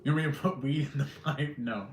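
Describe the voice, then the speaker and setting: A man's voice: mid-range voice, brisk, echoey room, a little hiss or hum. A middle-aged man hosting a casual live chat, blunt and profane, chuckling as he answers comments. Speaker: livestream host.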